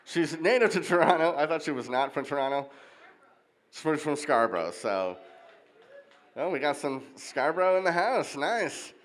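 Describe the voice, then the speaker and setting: A man hosting a stand-up show at a wedding reception, hyping the crowd and introducing acts in a loose, halting way on a handheld mic. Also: fairly high pitch, expressive, poor audio. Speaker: comedy show host.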